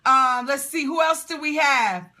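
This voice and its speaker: A woman's voice: high voice, bright, forceful tone. A woman hosting a live call for business owners, exuberant, cheering and whooping as she reads out comments. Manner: rapid-fire when listing questions.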